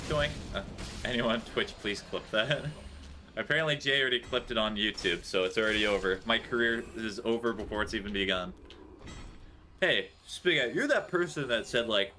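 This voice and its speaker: A male streamer chatting casually with his audience as he plays, sarcastic and quick to joke. His voice sits low but has a bright, forceful edge. A faint hum of noise runs underneath. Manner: joking, sarcastic, laughs often. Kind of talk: casual live-stream chat while gaming.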